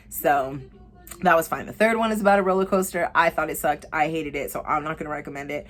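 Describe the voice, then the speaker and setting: A young woman vlogging casual movie recommendations, excitable and full of fillers and swearing. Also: low-pitched, fairly quick.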